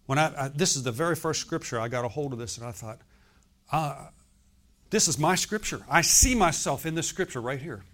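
A pastor in his sixties delivers a sermon, his voice a little high and somewhat bright, with lively intonation and a brisk pace. He preaches emphatically and keeps asking the congregation questions, often inviting them to answer.

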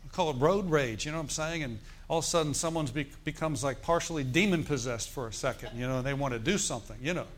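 A middle-aged male pastor, telling a story in a sermon in a conversational, animated way and asking the congregation questions. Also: fairly high pitch, fast, few pauses, slight background noise.

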